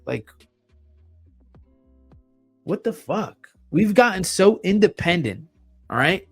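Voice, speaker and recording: A man's voice: high voice, very animated, takes it slowly, pauses often, slightly rough, soft background music. A man hosting a solo podcast, blunt and emphatic, swearing often and repeating himself for effect. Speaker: podcast host.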